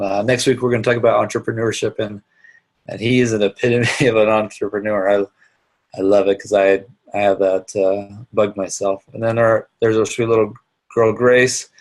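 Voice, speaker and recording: A middle-aged man with a gravelly, lowish voice leads an online business class. He talks earnestly and haltingly, restarting his sentences often as he shares personal reflections with his students. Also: a little mellow. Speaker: instructor. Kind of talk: online live class talk.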